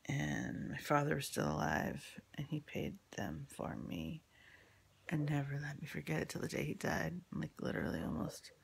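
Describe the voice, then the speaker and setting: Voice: medium pitch, sing-song, normal speed, gravelly, slightly rough. A speaker telling a rambling personal story in casual talk, swearing freely, full of fillers and restarts, often dropping into whispered asides. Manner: drops into unvoiced whispery asides.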